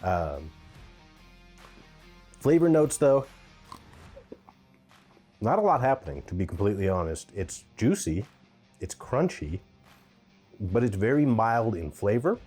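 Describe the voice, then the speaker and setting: A man's voice: lowish voice, sing-song, takes it slowly, long pauses, a little mellow, husky, faint music behind. A man giving a casual, candid pepper tasting review, thinking aloud with the odd um.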